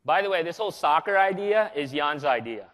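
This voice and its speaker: A man from the Philippines presents at a conference, his fairly high voice carrying through a large hall with a long reverb tail. He speaks energetically and jokes often. He keeps pulling the audience in with quick questions. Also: expressive, fairly bright tone.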